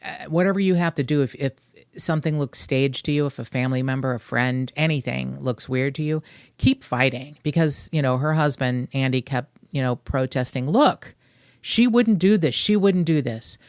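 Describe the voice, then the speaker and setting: A woman from Kentucky with a Kentucky accent, hosting a true-crime podcast in a sarcastic, animated, blunt way. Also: extremely low pitch, normal speed, smooth, no echo, clean studio sound. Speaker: podcast host.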